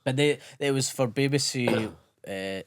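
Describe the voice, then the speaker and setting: Laughing Scottish comedian chatting. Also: male voice, mid-range voice, a little slow, clear, resonant tone, no room sound, studio quality. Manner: laughs often, sweary. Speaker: comedian and podcast co-host. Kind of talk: casual chat.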